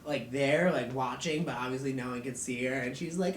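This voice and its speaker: A man's voice: mid-range voice, fairly quick, a little hiss or hum. Rambling sweary man recapping a show. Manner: rambling, filler-heavy, sweary, acts out quotes. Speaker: video host recapping an episode. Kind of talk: casual recap vlog. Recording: roomy echo from a distant mic, faint music.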